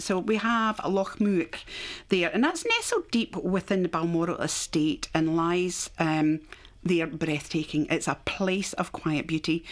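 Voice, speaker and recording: A Scottish woman presenting a radio programme, chatting casually and telling local history with fillers and laughs. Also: lowish voice.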